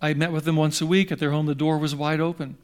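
An older man delivers a sermon in a loose, conversational way. He drifts through anecdotes with frequent restarts and asides. His voice sits slightly high for a man. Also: flat delivery, fast, clean tone. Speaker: pastor.

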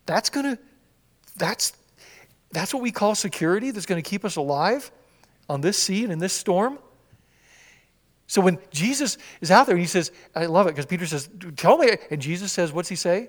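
A man preaching a sermon in a church, acting out scripture quotes with sudden swings from loud cries to hushed whispers. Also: sits high, normal speed, long pauses, in a large hall. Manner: animated, acts out quotes with swings from shouts to whispers. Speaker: pastor. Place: church sanctuary.

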